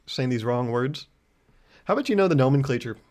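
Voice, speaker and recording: A man's voice: medium pitch, animated, a little fast, a little mellow. A young man hosting his own podcast, telling a story in a rambling, self-mocking way. He laughs often and slips into mock-indignant rants. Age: young adult. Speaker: podcast host. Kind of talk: casual solo podcast monologue.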